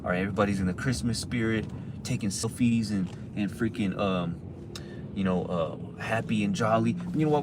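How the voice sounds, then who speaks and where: A man's voice: fairly low pitch, normal speed, background noise. A man on a livestream, ranting about religion in a heated, profane way, packing in lots of "all right" and "you know" fillers. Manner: heated and agitated. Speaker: livestream host. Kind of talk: casual religious rant.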